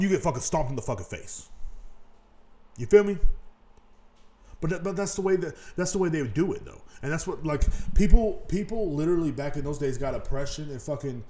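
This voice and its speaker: A man hosting a casual podcast, ranting in a profane, rambling way and mocking people in put-on voices. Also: high voice. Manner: gets loud and worked up. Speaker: podcast host. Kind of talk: casual rant.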